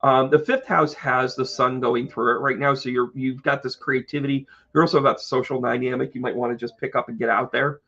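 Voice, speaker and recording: A man's voice: mid-range voice, fairly even intonation, fairly quick, hardly any pauses, bright, forceful tone, dull audio. A man hosting an astrology live stream, chatty and joking, talking to his viewers by name. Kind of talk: casual live stream chat.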